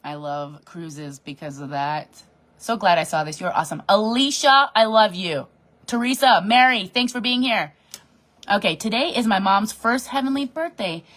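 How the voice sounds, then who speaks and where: A woman leading her sales team in a bubbly, animated live-stream pep talk from her home office desk, reading and answering comments as she goes. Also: mid-range voice, moderate pace. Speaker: direct sales team leader.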